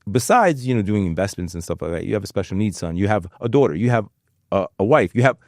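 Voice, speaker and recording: A man's voice: lowish voice, lively intonation, fast talker, dry recording, clean studio sound. A man hosting his own podcast, talking earnestly and rambling in casual interview chat. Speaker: podcast host.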